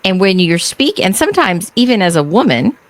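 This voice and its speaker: A middle-aged Texan woman hosts a podcast in a casual interview style, telling stories animatedly and acting out quotes. Her mid-range voice moves a little fast, and the recording is dry.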